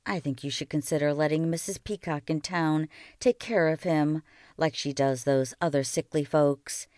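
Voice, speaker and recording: A woman reading the part of a calm, firm woman country doctor in a quiet, slow, measured voice. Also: sits low, no echo, studio quality, close to an everyday voice. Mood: coaxing.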